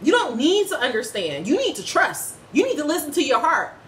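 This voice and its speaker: A woman's voice: high voice, big pitch swings, brisk, a little hiss or hum. A woman giving a casual spiritual reading in a vlog, ranting bluntly and profanely like a preacher. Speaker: spiritual reader. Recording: echoey room with faint ambience.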